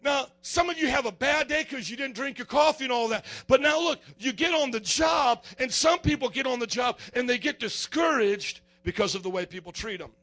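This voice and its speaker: A man preaching a lively sermon as pastor, acting out scenes with animated voices. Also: a little fast, few pauses. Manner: animated preaching, acts out fans in high excited voices.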